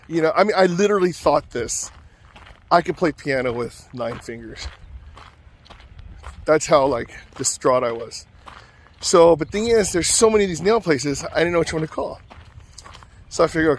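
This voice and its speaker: Chatty man with a fairly high voice. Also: unhurried, long pauses, a little hiss or hum. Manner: chatty, filler-heavy, self-mocking. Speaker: vlogger. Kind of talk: casual rambling storytelling.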